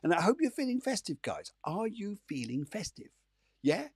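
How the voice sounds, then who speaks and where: A man's voice: sits high, very animated, moderate pace, husky, no room sound, clean studio sound. A man hosting a live psychic show from home, chatting in an upbeat, rambling way full of fillers. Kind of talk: casual live-stream chat.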